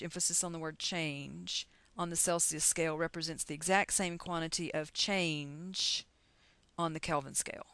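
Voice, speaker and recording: Chatty woman teacher, lowish dry voice. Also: fairly even intonation, normal speed, bright, forceful tone, dry recording. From United States. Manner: chatty, encouraging, talks through calculations aloud. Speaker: chemistry teacher. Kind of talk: recorded lecture.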